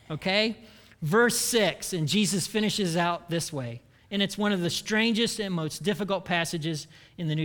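A man preaching a sermon in an animated, jokey way, acting out the people he quotes. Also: high-pitched. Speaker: pastor.

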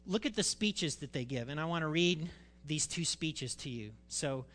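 A male pastor preaching a sermon, reading scripture and retelling it with animated, dramatic emphasis. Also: on the high side, normal speed, big-room sound.

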